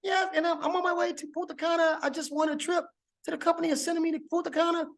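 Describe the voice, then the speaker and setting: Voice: very high-pitched, level tone, quick pace, voice pushed up. A speaker putting on the voice of an upbeat woman friend who works in network marketing, talking in a bubbly, chirpy way.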